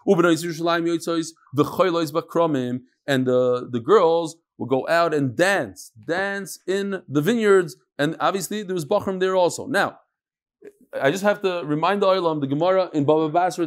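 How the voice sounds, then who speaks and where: Joking rabbi teaching a live class. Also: male voice, fairly high pitch, moderate pace. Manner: digressive and joking, mixing in Hebrew and Yiddish terms. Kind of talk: informal Talmud class lecture.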